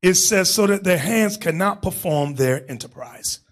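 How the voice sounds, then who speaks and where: A man's voice: high voice, animated, normal speed. A man teaching a Bible class in an emphatic preaching manner, calling on readers and staff between points.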